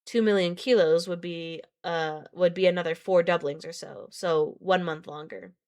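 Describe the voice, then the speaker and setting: A woman's voice: fairly low pitch, moderate pace, a little mellow, natural voice. A woman reading as a plain, wry male scientist. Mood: explaining. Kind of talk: reading a novel aloud.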